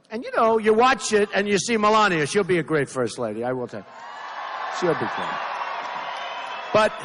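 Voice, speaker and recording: This candidate, a man in his sixties, has a high, slightly bright voice as he gives an unscripted, emphatic campaign speech that keeps repeating itself. Hecklers break in, and the recording captures a reverberant hall in a large indoor venue with faint crowd noise.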